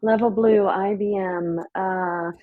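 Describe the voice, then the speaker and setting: A woman's voice: medium pitch, steady tone, slow pace, phone-quality sound. A woman co-hosting a podcast in casual chat, who asks her co-host questions and laughs easily.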